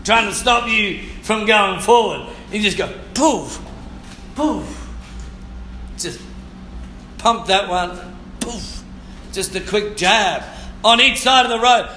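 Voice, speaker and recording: A man preaching with a high, very bright voice that rings in an echoey church room. He speaks slowly and fervently, repeats his phrases and now and then shouts or sings a line. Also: expressive. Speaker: pastor. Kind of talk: sermon.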